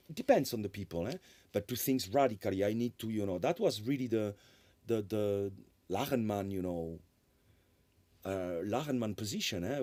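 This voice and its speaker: A man's voice: on the low side, no echo. Man lecturing, peppered with "eh?". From France. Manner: animated, tag questions "eh?", frequent restarts. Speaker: lecturing composer. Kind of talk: conference lecture.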